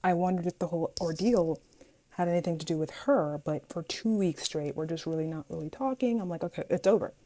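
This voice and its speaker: A young woman vlogger telling a story from school in an animated, dramatic way, acting out what people said. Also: on the low side, a little fast. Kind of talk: casual storytime vlog.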